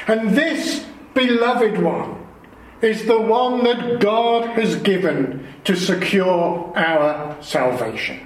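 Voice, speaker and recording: A man preaching a sermon, explaining scripture in a slow, earnest way. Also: high-pitched, expressive, roomy sound, rough recording.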